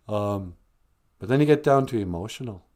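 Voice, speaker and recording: This man's live stream is a casual teaching talk on feelings and the spirit, delivered with wry jokes and bits of comic voices. His voice is on the low side and dark in tone, expressive at a normal speed.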